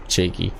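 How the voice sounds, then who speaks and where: A man's voice: a little high, vocal fry, fairly bright tone, a little hiss or hum. A young man hosting a farming game livestream, chatting with viewers and laughing often. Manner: chatty, laughs often while reading chat. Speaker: gaming livestream host. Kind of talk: casual chat with live viewers.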